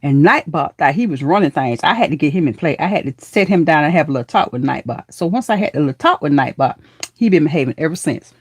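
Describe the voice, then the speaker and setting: A woman with a fairly low voice chats through a live stream, warm with her viewers and full of honey, baby and girl. Her pitch leaps up when she greets people. The sound is dry and close, with no room around it. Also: quick pace, breathy edge, no echo. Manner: lively, with pitch leaping up in excited greetings.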